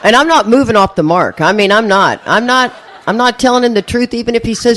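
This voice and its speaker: Middle-aged woman, recovery-meeting speaker; animated storyteller who laughs often and mimics the people in her tale. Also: fairly high pitch, fairly quick, slight background noise. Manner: lively, laughing, acts out voices in her story. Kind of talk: storytelling talk to an audience.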